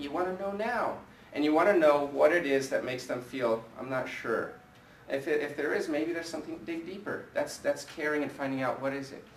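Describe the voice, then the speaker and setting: A man's voice: fairly high pitch, slight background noise. A man leading a live sales training in front of a group, coaching energetically and asking the room questions. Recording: echoey room from a distance with faint ambience.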